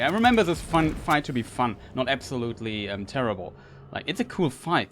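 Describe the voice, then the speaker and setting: A man's voice: mid-range voice, very animated, normal speed, fairly bright tone, slight background noise. A man doing gameplay commentary, ranting in frustration and stumbling over restarts as he plays. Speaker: gamer.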